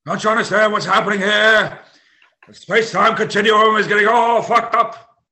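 A man doing an impression of a frantic, eccentric older scientist, shouting in panic. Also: sits high, steady tone, moderate pace, pitched above the performer's own voice.

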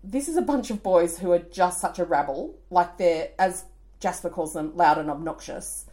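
A podcast co-host in her forties with an Australian accent shares a story casually, her pitch fairly low and her speed normal. She tells it with animation, laughing and voicing the characters.

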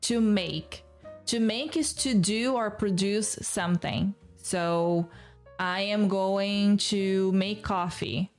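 A woman's voice: medium pitch, takes it slowly, a little mellow, soft background music. A woman teaching English who explains patiently, step by step, and repeats the key words.

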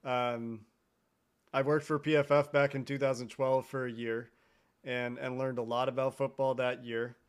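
A man from Cincinnati, a podcast host guesting on a sports show, talking in a measured, thoughtful way. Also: medium pitch, little pitch movement, smooth. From Cincinnati, United States. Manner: measured, thoughtful, frequent restarts. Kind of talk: casual sports talk.

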